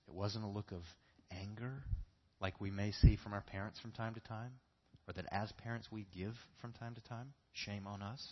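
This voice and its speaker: A man's voice: lowish voice, slightly rough, highs cut off. A man preaching a sermon in a church, earnest and repeating key phrases for emphasis. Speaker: pastor.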